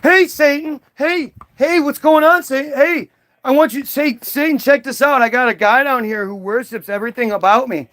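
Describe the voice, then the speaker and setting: A man's voice: very high-pitched, a little slow, fairly bright tone. A man doing a giddy, boastful God. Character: boastful, needy male God, giddy and vain.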